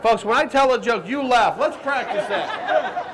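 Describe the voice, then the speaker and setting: A man with a high voice does brash stand-up for a live crowd, teasing people in the audience. A steady murmur of people and background noise fills the recording. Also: a little slow. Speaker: stand-up comedian and cooking show host. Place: outdoor stage at a crowded show.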